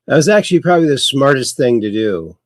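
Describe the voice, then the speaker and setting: A man's voice: medium pitch, sing-song, quick pace, background noise. A man hosting a casual livestream, rambling and reading viewer comments aloud. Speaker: host.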